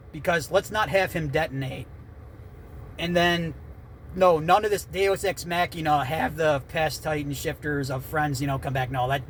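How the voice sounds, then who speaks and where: A man giving an off-the-cuff, rambling rant about an anime ending, swinging between loud outbursts and quieter muttering. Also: a little high, a little hiss or hum. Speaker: anime commentator.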